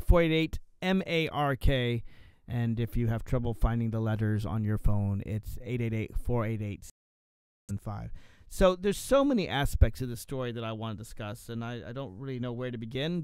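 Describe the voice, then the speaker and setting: A man hosting a radio talk show, musing out loud in a rambling way with many fillers and restarts, speaking into a studio microphone. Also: mid-range voice, smooth, dry recording. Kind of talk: solo radio talk monologue.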